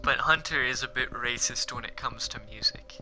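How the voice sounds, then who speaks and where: A young man hosting a casual podcast chat, rambling and profane, with frequent animated bursts. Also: medium pitch, normal speed, music in the background. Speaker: podcast host.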